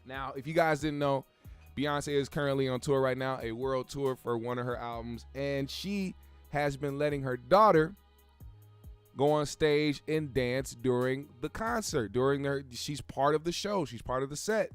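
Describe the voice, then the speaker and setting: A man's voice: mid-range voice, moderate pace, clear, resonant tone, soft background music. A young man hosting a casual pop-culture commentary show, talking in a profane, rambling way with frequent restarts. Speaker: host.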